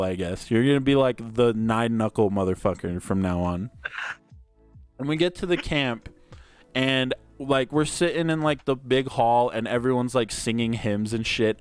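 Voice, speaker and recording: Young male podcast host, crude and easygoing storyteller, clear voice, dry close mic. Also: medium pitch, dry recording. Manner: crude and laid-back, heavy on "like" and swearing. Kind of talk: casual storytelling chat.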